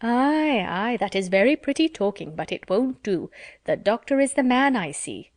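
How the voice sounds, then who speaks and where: A woman putting on a high simpering young gossip. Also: expressive, moderate pace, no echo, lightly acted. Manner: simpering, affected.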